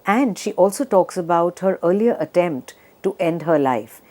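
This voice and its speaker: A low-pitched woman lecturing on poetry in a measured academic way. She pauses often with small fillers and slows down to read lines of verse aloud. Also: animated, mellow. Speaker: literature professor.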